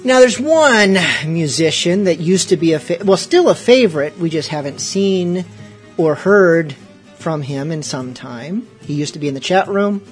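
A man's voice: on the high side, lively intonation, a little slow, soft background music. A man hosting a casual online radio show, rambling in self-mocking banter between segments. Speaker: host.

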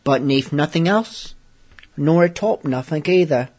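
A man putting on a pirate voice to play a lonely, mopey pirate, reciting comic verse slowly and mock-solemnly. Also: fairly high pitch, darkish tone.

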